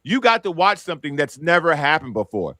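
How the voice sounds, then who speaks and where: A man's voice: a little high, very animated, fairly quick, pushed and bright, no room sound, clean studio sound. A man on a casual sports talk podcast, arguing with hype and answering his own rhetorical questions.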